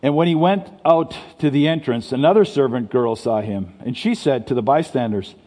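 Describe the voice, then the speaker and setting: In a church sanctuary with long reverb, a male pastor delivers his sermon in a warm, expressive mid-range voice at normal speed. He preaches in a chatty way, tripping over himself and restarting sentences.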